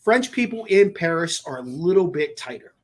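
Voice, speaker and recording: A man's voice: fairly high pitch, expressive, moderate pace. A man co-hosting a podcast, telling a travel story in casual chat and acting out the conversations he quotes. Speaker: podcast co-host.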